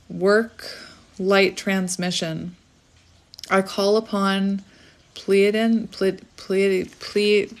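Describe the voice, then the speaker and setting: A woman giving a casual spiritual tarot reading, chatty and rambling, often breaking off to laugh at herself. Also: mid-range voice. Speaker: tarot reader.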